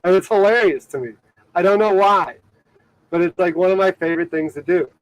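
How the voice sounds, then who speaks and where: A man's voice: sits high, fairly quick, no room sound, rough recording. A man from Ohio chatting casually to viewers of his live stream from a boat out on the water. He rambles, leans on "like" and fillers, and laughs often. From Ohio, USA. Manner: rambling, filler-heavy talk with many "like"s and frequent laughter. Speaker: livestreaming boat vlogger.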